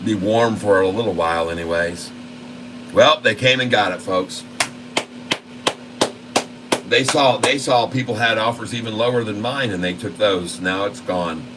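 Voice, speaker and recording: A man hosting a trading channel, commentating live on his trades in a folksy, excitable way and constantly talking to his viewers. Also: on the low side, unhurried, long pauses, background noise. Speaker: stock trading channel host.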